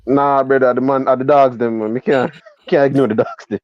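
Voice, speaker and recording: A man's voice: mid-range voice, fairly even intonation, fairly quick, dry recording. Man, joking interjections, muffled lo-fi sound, dry.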